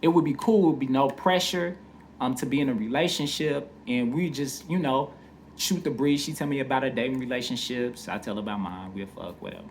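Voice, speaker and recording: A man's voice: medium pitch, brisk, slight background noise. A man casually telling a personal story, candid and profane, full of "you know what I mean.".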